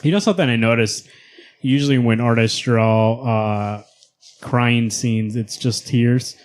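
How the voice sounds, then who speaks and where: A man's voice: mid-range voice, unhurried. A man co-hosting a comic book podcast, casually recapping panels with laughs and asides. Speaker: podcast co-host.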